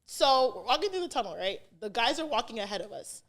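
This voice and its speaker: A woman co-hosting a podcast, telling a story in casual chat, animated and swearing, acting out what others said. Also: fairly high pitch, quick pace. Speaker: podcast co-host.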